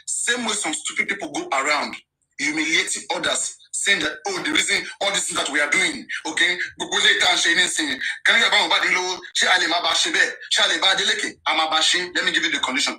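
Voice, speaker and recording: A woman's voice: low-pitched, pushed and bright, poor audio. A Nigerian woman, a live-stream commentator, ranting scornfully and emphatically as she switches between languages. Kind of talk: ranting monologue.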